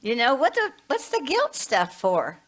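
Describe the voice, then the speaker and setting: A woman's voice: fairly high pitch, huge pitch swings, a little slow, fairly bright tone, rough recording. A woman in her late seventies, a minister and hospice chaplain, giving a conversational sermon full of personal stories and asides. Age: 70s. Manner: chatty, storytelling with asides.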